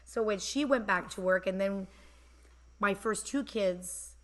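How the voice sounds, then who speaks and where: A woman's voice: medium pitch, unhurried. Emotional woman hosting a live chat. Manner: emotional, animated, rambling. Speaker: host. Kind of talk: casual live-stream chat. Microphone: phone camera.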